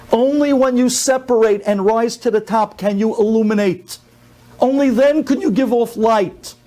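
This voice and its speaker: A middle-aged man from the United States, a rabbi telling a story in a sermon and acting out the people in it. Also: very high-pitched. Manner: animated storyteller, acts out the people in his story.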